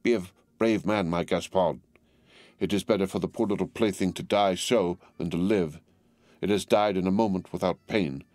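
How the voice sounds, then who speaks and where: A man reading an audiobook, voicing a calm, grave wine vendor who speaks slowly and steadily. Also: low voice, dry recording, close to an everyday voice. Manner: slow, calm and consoling.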